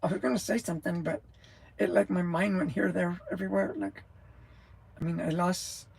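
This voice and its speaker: A woman's voice: on the low side, fairly even intonation, moderate pace, creaky, a little mellow, slightly rough. A woman in her sixties from New Mexico with a scratchy, rattly voice, chatting casually and rambling on a livestream. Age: 60s. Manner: rambling, loses her train of thought, laughs often. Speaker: livestream host, truck driver.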